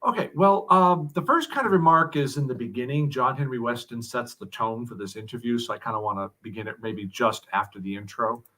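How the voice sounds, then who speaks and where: A man's voice: medium pitch, bright, forceful tone. Male guest, casual podcast chat, joking asides, mid-range voice. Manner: chatty, joking, quick asides.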